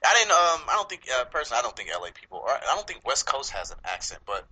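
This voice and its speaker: A man's voice: medium pitch, very animated, rapid-fire, sharp tone, husky, poor audio. A man from Los Angeles with an LA accent, hosting a casual chat, swearing and laughing often. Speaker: podcast host.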